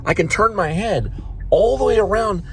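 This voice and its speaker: Man doing a high sing-song smug lady comedian, taunting, loud car noise behind. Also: animated, normal speed. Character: smug mocking female comedian.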